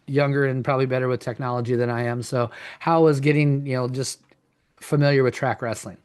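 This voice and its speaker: A man's voice: mid-range voice, steady tone, fairly quick, darkish tone, clean tone. A man hosting a wrestling podcast, asking long rambling questions and trading coaching stories. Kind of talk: casual interview chat.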